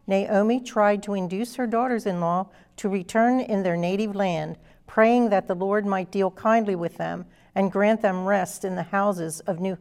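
A woman delivering a sermon in an earnest, emphatic way. Her voice sits at a middle pitch, and she reads scripture aloud and walks through its meaning. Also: a little mellow. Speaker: preacher.

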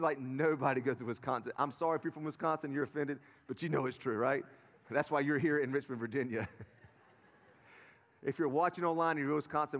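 Male pastor, 30s, higher voice, chatty story-driven sermon, live church reverb. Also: quick pace. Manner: storytelling, conversational with the congregation. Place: large church sanctuary.

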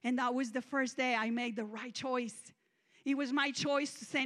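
A woman minister giving an emphatic, confessional testimonial sermon, swinging between loud declarations and hushed moments. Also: fairly high pitch, flat delivery, normal speed. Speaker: guest minister.

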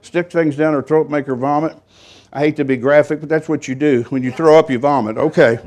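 A man's voice: a little high, steady tone, fairly quick, a little mellow. An older man, a pastor, telling a story in a rambling, folksy sermon with self-deprecating humor.

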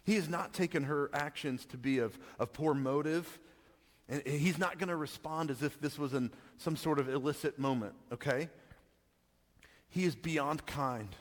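Speaking at a moderate pace in a voice on the high side, this male pastor sounds like he's in a big room. His sermon feels like a chat: he laughs a lot and keeps checking in with a "right?"

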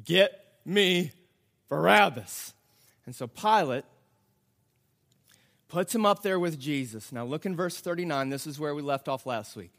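A male pastor preaching a sermon, acting out the scenes and swinging between loud outbursts and hushed, slow passages. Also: fairly high pitch, expressive. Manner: dramatic, acts out the crowd, swings from loud to hushed.

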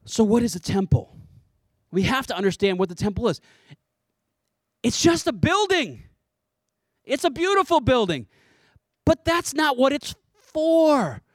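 A man preaching a sermon in an animated, conversational way, with playful asides. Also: extremely high pitch, unhurried, pauses often, no room sound, studio quality. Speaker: pastor.

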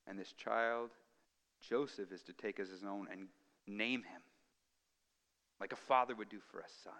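A man preaching a sermon as pastor, swinging from hushed, drawn-out phrases to loud, emphatic ones. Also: on the low side, big-room sound.

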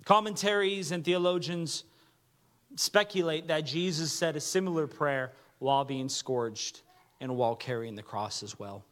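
A man preaching a sermon with earnest delivery, dropping to a hush when he reads quoted words. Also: a little high, a little slow. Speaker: pastor.

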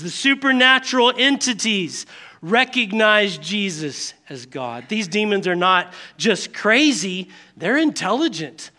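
High, bright-voiced animated preacher man. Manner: animated storytelling, acting out scenes with sudden shifts in volume. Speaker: pastor. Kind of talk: sermon.

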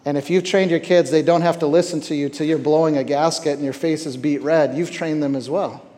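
Man, camp preacher, fairly high voice, conversational sermon, repeats words, echoing hall. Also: steady tone, fairly quick, warm tone. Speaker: camp speaker. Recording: reverberant hall.

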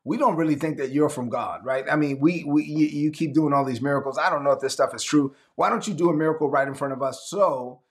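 A preacher acting out skeptical Pharisees who challenge Jesus to prove himself. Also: male voice, fairly high pitch, quick pace, hardly any pauses, lightly acted. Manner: doubting, challenging.

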